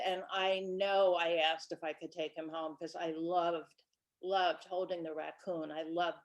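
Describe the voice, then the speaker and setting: A woman in her sixties, a children's book author, chatting through stories from her life in a relaxed presentation. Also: fairly low pitch. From Brooklyn, New York. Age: 60s. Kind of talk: casual storytelling presentation.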